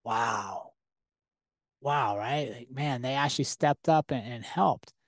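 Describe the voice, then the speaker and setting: A man hosting a podcast, telling a personal story in a lively, conversational way full of rhetorical questions. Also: medium pitch, takes it slowly, no echo, clean studio sound. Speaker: podcast host. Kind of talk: casual storytelling monologue.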